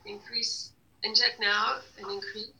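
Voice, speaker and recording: A woman leading a guided energy healing session, giving slow repeated commands to an unseen device with many hesitations. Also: medium pitch, little pitch movement, creaky, pushed and bright, low-quality recording.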